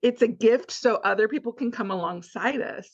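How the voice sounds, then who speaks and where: A woman's voice: a little high, normal speed, muffled recording. A woman hosting a casual podcast, asking questions and affirming her guest. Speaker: podcast host.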